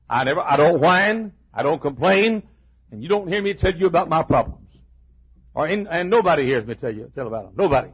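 An older man preaching a sermon, emphatic, with stammered restarts and shouted peaks. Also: on the high side, slightly rough, highs cut off.

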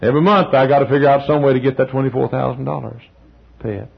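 A male pastor preaching a sermon in a church, telling stories, acting out the people in them and often clearing his throat. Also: mid-range voice, fairly even intonation, fast talker. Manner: storytelling, acting out quotes, frequent throat clearing. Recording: dull lo-fi sermon recording.

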